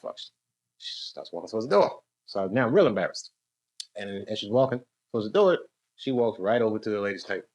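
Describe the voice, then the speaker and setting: Rambling American comedian, lively pitch. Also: male voice, brisk. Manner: loose, rambling, chuckles at his own jokes, riffs with the audience. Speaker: stand-up comedian. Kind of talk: stand-up with crowd work. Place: dark comedy club, indoors.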